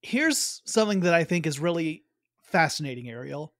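A man with a fairly high voice, co-hosting a casual chat and chuckling as he goes. He sounds relaxed and loose and trails off at times. The sound is dry and close, with no room around it. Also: moderate pace, no room sound. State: hiccups. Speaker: podcast co-host.

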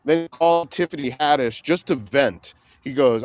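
A man's voice: mid-range voice, normal speed, few pauses, dry recording. Guy telling a prank story, laughing a lot, dry close sound. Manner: laughing storyteller, acts out shouted quotes. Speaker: guest, comedian and prank filmmaker. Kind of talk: animated anecdote telling.

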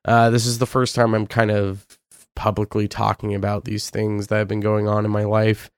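Earnest, emotional podcast host, gravelly voice. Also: male voice, on the low side, monotone, no room sound, clean studio sound. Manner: earnest, openly emotional, halting with fillers. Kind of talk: solo podcast monologue.

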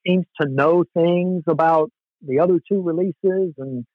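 A man's voice: a little high, a little slow, no room sound, narrow, tinny audio. A man, a former hardcore band musician, telling rambling, self-deprecating stories in a casual interview, with many "you know"s.

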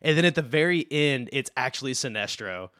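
A man's voice: mid-range voice, fairly quick, no room sound, studio quality. A man co-hosting a casual podcast, telling a comic book story with energy and acting out quotes. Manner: excited storytelling with quoted voices. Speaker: podcast co-host.

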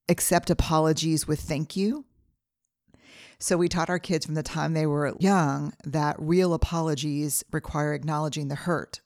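A woman's voice: sits low, a little mellow, no echo, clean studio sound. A middle-aged woman hosting her own podcast, talking earnestly through numbered advice in a solo monologue. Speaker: podcast host.

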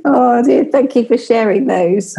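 A woman hosting an interview, upbeat and quick to laugh as she asks questions. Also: on the high side, warm tone. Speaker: podcast host.

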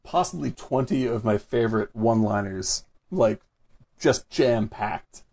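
A man with a gravelly, husky voice hosts a relaxed film chat. He talks loosely and fills his sentences with "like". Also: medium pitch, measured pace. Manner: chatty, fills with "like". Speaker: podcast host. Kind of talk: casual film discussion.

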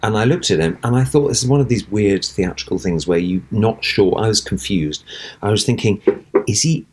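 Background noise sits behind this fairly low, fairly quick male voice. A middle-aged actor, interviewed as a guest, recounts a long theatrical anecdote with animation, slipping into the voices of the people involved.

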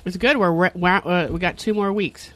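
A woman co-hosting a casual chat, talkative and quick to laugh. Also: on the low side. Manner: chatty, laughs easily, drawn-out musing.

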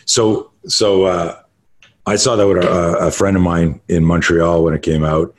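A middle-aged man from Canada, a martial artist guest on a podcast, telling stories in a casual, profane, animated way. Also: low voice, measured pace. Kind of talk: casual storytelling.

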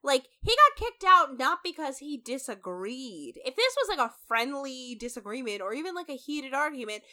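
A woman's voice: sits high, sing-song, normal speed, pushed and bright. A woman co-hosting a podcast, chatting casually and emphatically about a reality show, swearing freely. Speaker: podcast co-host.

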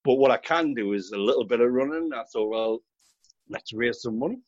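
Middle-aged Geordie man, chatty and quick to laugh, dry and muffled audio. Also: mid-range voice, animated, dry recording. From North East England. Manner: chatty storyteller, laughs often. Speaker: guest, charity fundraiser runner. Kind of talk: casual interview chat.

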